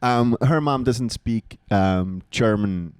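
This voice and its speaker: Male podcast co-host, mid-pitched, profane and animated, close dry studio sound. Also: takes it slowly, clean tone, dry recording. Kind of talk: casual comedy podcast chat. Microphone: studio podcast mic.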